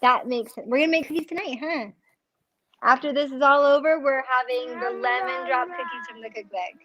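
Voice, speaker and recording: Bubbly, high-voiced woman cookbook author. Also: brisk, a bit bright. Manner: laughs often, bubbly and self-teasing. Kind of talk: casual chat during a book launch.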